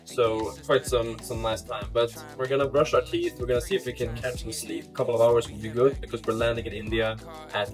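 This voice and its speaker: A man's voice: mid-range voice, flat delivery, brisk, faint music behind. A man in his twenties vlogging casually, rambling with fillers and restarts. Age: 20s. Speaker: entrepreneur vlogger. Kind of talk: casual vlog narration.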